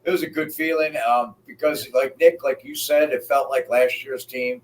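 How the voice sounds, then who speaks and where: A man co-hosting a sports podcast, telling stories in animated casual chat and often saying "man". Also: mid-range voice, moderate pace, recorded from a distance, a little hiss or hum. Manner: animated storyteller, peppers talk with "man". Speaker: podcast co-host.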